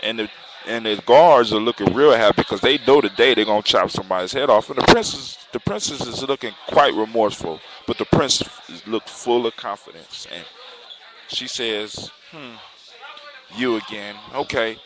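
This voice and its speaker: A man's voice: medium pitch, normal speed. Man telling a folktale, hissy recording. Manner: relaxed, unscripted, restarts. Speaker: storyteller. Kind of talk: oral folktale narration. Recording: clear background hiss.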